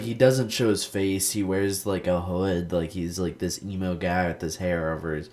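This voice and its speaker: A young man with a very low voice talks over his gameplay in a loose, rambling way. He drifts into stories, swears freely and fills his sentences with "like," sounding like a casual gaming host. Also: fairly even intonation, moderate pace, few pauses, a little mellow. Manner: rambling storytelling, heavy swearing, lots of "like".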